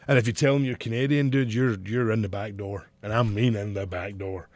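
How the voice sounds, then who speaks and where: A man's voice: lowish voice, steady tone, brisk, a little mellow, no room sound. A man with a Scottish accent, co-hosting a podcast in casual chat, rambling and swearing freely as he tells his stories. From Scotland. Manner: rambling, profane storytelling. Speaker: podcast co-host.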